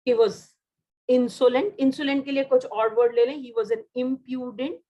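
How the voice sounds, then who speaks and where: An Indian woman teaches a vocabulary lesson and repeats each word as she goes. Her voice sits a little high and comes through a dull, lo-fi recording. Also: fairly even intonation, quick pace, mellow. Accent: Indian English. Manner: repeats words, mixes Hindi and English. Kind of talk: online class teaching.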